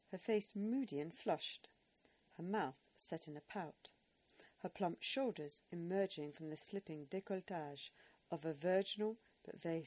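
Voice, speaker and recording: Woman narrator, slightly low voice, measured expressive reading. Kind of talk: audiobook narration.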